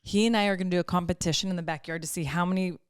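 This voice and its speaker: A woman co-hosting a podcast, telling stories in a lively, laughing way and acting out dialogue. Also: on the low side, racing, smooth, no room sound, clean studio sound. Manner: animated storytelling, frequent laughs and quoted dialogue. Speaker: podcast co-host. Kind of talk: casual chat.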